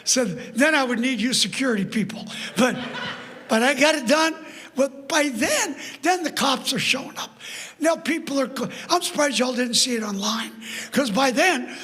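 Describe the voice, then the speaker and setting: High-pitched older male preacher, husky. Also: normal speed. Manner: animated, laughing storyteller. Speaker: guest preacher. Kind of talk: storytelling sermon. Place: church sanctuary. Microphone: PA microphone. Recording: church sanctuary with long reverb.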